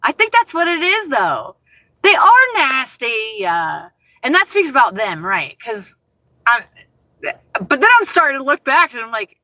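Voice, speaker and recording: A woman's voice: sits high, moderate pace, no echo. A woman hosting a casual livestream from inside her car, talking expressively with plenty of laughter and swings in her tone. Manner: expressive, animated, laughs often. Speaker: livestream host chatting with viewers.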